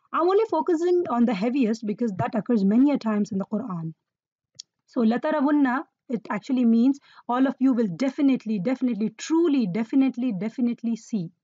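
A woman's voice: a little high, expressive, brisk, mellow, no room sound, dull audio. A woman teaching Arabic grammar to learners, patiently repeating key words and quizzing her listeners. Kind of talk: explaining Quranic Arabic grammar.

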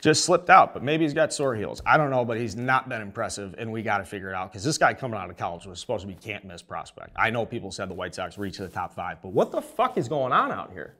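A man's voice: fairly low pitch, fast, few pauses. A young man hosting a sports show, ranting in a rowdy, rambling, comedic way and swearing freely. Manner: profane, excitable, rambling. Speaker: show host.

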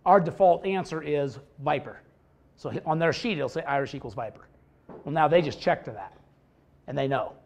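A man explaining his defensive scheme like a football coach at a clinic, blunt and quick with a joke. His voice sits a little high for a man. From Idaho, USA. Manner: blunt, joking, animated storytelling.

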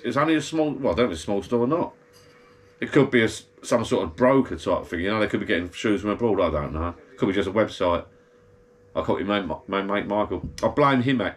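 A man's voice: fairly low pitch, animated, fast talker. A man, rambling and grumbling in a casual monologue from his backyard garden bar. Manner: chatty, grumbling rant. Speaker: vlogger.

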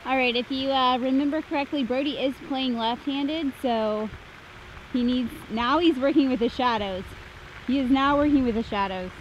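A woman's voice: high voice, normal speed. A woman bantering and joking casually during an outdoor mini golf game. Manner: teasing, jokey. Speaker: co-host. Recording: dull lo-fi outdoor audio with faint noise.

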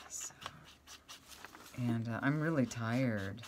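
A woman's voice: very deep voice, drawn-out words, a little hiss or hum. A middle-aged woman chatting casually as she makes crafts at home, rambling and talking to her cat now and then. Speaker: craft vlogger.

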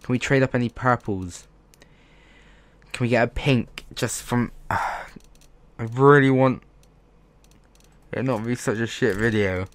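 A man's voice: mid-range voice, slow, pauses often, no echo. A man commentating as a gaming YouTuber, frustrated and swearing as he pleads with the game. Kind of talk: let's play commentary.

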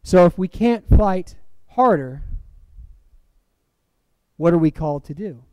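A male preacher with a high voice delivers a sermon. He swings from loud, emphatic lines down to hushed, dramatic drops. The sound is dry, with little room echo. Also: lively intonation, slow pace. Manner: acts out movie quotes. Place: church.

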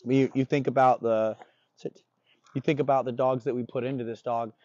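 Blunt, mellow-voiced dog trainer man. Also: mid-range voice, steady tone, normal speed. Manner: blunt, profane, confident explaining. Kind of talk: casual on-the-job instruction. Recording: dull lo-fi recording.

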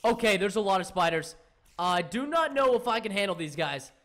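A young man commentating his game for viewers, excitable and jokey, talking straight to his audience. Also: high-pitched, a little fast. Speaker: gaming YouTuber. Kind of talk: Let's Play commentary.

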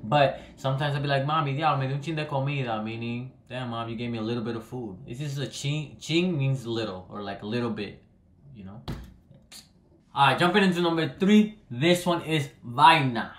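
A young Dominican man vlogs to the camera in a mid-range voice at normal speed, giving a loose, rambling explainer and letting his phrases trail off. The recording is in an echoey room with a little hiss or hum.

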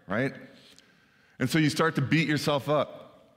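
A male pastor with a medium-pitched, fairly bright voice preaches at a normal speed in a conversational style. He often checks in with the congregation by tossing in "right?" asides. The recording comes from a church sanctuary with long reverb.

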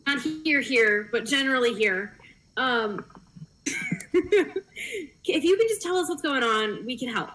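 High-voiced woman playing a tabletop game. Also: animated, slow, pauses often, fairly bright tone, low-quality recording. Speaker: player.

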